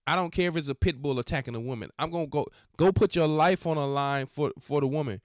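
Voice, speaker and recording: Podcast guy preaching at clips, scolding in slang, smooth clean voice, dry close mic. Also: fairly high pitch, fast, no echo. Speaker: podcast host. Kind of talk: religious commentary on videos.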